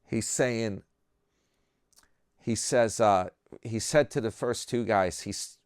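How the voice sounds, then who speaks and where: Low slow guy rambling to his viewers, smooth dry voice, keeps saying man. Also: no echo. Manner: rambling, self-mocking, slangy with lots of "man". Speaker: channel host. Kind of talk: casual chat, rambling joke-telling.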